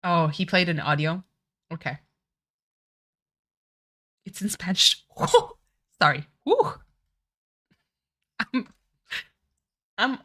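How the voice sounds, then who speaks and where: Her voice sits on the low side, expressive, pushed and bright, and she talks extremely slowly with long pauses. A French-native woman streamer, she chats casually over a game, giggly, apologetic, and often self-correcting.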